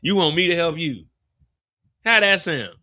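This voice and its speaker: A man's voice: a little high, lively intonation, a little slow, bright, forceful tone, dry recording, studio quality, voice pushed up, heavily acted. A man doing a swaggering, taunting street hustler. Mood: cocky. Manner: swaggering, taunting, laughing at her. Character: cocky, boastful, flirtatious male street hustler.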